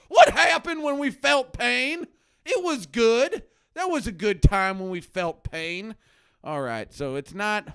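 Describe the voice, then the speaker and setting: A man's voice: on the high side, smooth, no room sound, studio quality. A man playing a blustering anti-drug crusader. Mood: indignant. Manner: ranting, preachy, swings between mutters and loud outbursts. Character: blustering self-righteous male anti-drug crusader doctor. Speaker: host. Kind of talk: satirical live-stream rant. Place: home basement.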